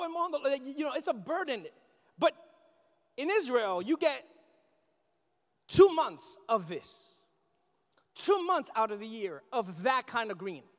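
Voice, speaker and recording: A male pastor preaching a sermon, talking straight to his congregation with emphasis and slowing right down to read scripture aloud. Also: very high-pitched, a bit bright. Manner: emphatic, addresses congregation directly, slows for scripture reading. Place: church sanctuary. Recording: long reverb of a large church hall.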